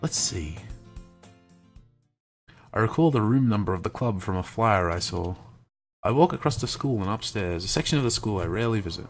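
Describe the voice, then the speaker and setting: A young adult man, a streamer reading a visual novel aloud live, narrating plainly with wry, deadpan asides. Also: fairly low pitch, normal speed, pauses often, faint music behind.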